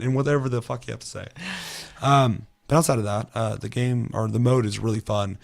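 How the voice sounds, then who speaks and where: A man chatting casually on a gaming podcast, swearing a lot and telling stories with animated, shouted quotes. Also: mid-range voice, fairly quick, creaky. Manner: profane, animated storytelling with shouted put-on quotes. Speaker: podcast co-host.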